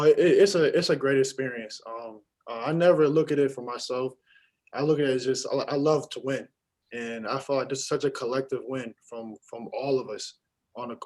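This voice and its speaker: Young male athlete, postgame presser; halting delivery full of fillers. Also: mid-range voice, darkish tone, low-quality recording. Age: young adult. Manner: halting, many fillers and restarts. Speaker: college basketball player. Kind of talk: postgame press conference answers.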